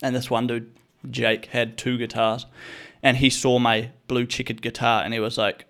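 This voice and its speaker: A man's voice: mid-range voice, normal speed, pauses often. Young male host, casual comic storyteller, profane and slangy, talks straight to the listener. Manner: animated, swearing, slangy, addresses listener as bro. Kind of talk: casual comedic storytelling rant.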